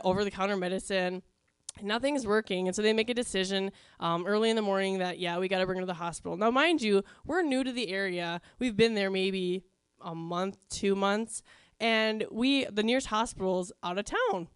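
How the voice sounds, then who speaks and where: A woman's voice: mid-range voice, fairly bright tone, smooth, no room sound, studio quality. A woman telling a funny personal story to a live crowd in a chatty, wry, self-mocking way, with plenty of ums.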